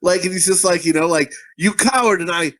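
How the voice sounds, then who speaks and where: A man's voice: on the high side, fast talker. A man co-hosting a casual movie review podcast, swearing a lot and acting out quotes through laughter. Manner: crude, animated, acts out quotes with laughter. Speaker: podcast co-host.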